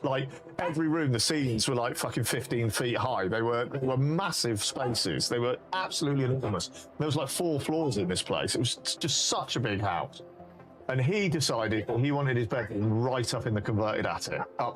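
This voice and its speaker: A man with a British accent, a streamer casually telling rambling, sweary anecdotes and laughing at them. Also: mid-range voice. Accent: British English. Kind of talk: casual storytelling on a live stream.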